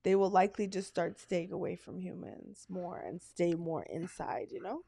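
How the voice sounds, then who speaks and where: A woman's voice: on the low side, moderate pace, vocal fry, husky, no room sound, clean studio sound. A woman from Canada co-hosting a casual podcast, telling stories animatedly and acting out the quotes. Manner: animated storyteller, acts out quotes. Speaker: podcast co-host. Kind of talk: casual chat.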